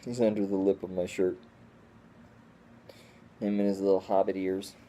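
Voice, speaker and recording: A man's voice: deep voice, level tone, normal speed, dark tone, slight background noise. A man from the Northeastern United States chatting casually at home in a rambling, easygoing way, full of restarts. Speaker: squirrel rehabber vlogger. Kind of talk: casual home vlog chat.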